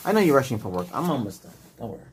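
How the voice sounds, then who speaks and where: A man in a whispered role-play as an emergency doctor, giving soft, patient, gentle instructions. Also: mid-range voice, big pitch swings, racing. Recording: noisy hiss and clicks.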